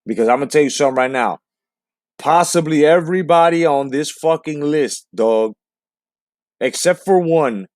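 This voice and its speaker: A man hosts a boxing talk channel, ranting hard and cursing freely in street slang. His voice sits a bit high for a man, and the sound is dry and close. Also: normal speed, darkish tone, no echo. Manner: emphatic, profane, street slang. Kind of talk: casual profane rant.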